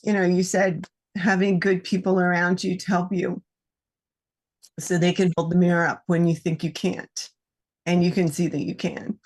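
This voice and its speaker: A woman on an online call sharing personal experience in a heartfelt, halting way. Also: on the low side. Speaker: panel participant. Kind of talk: casual online chat.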